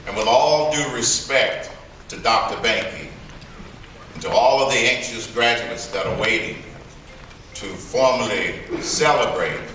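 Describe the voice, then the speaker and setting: A man giving a commencement address in a large hall, deliberate and emphatic with dramatic pauses and playful phrases. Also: mid-range voice, pushed and bright, a little hiss or hum. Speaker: commencement speaker. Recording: echoey hall from far off.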